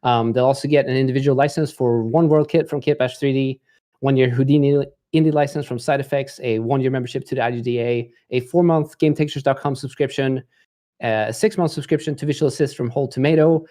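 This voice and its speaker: A man hosts a live stream in an easy, rambling way, full of fillers and restarts. His voice sits in an ordinary middle pitch. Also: steady tone, fairly quick, warm tone. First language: not English. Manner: rambling, many fillers, laughs easily. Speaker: livestream host. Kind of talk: casual livestream presenting.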